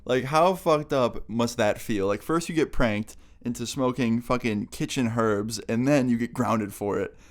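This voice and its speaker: A man's voice: medium pitch, a little slow, hardly any pauses. A young man vlogger telling a funny story in a casual, laughing, swear-filled way.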